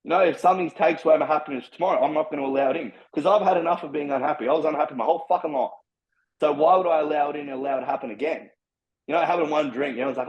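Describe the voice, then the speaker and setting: A man talks in rapid, blunt bursts, swearing freely as he preaches. His voice sits a little high. The recording sounds dull and lo-fi. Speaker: podcast guest. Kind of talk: casual chat.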